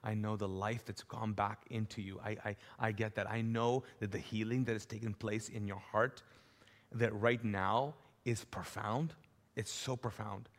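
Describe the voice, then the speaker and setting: A man voicing a gentle, compassionate male healer who speaks softly and earnestly, heard with a long church hall reverb. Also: on the low side, steady tone, unhurried. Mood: tender.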